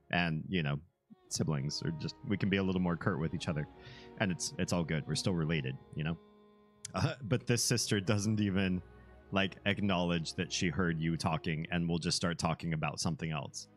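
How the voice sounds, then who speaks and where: A man with a deep bass voice, chatting casually and rambling on a live stream, chuckling often. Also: moderate pace, faint music behind. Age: young adult to middle-aged, a parent.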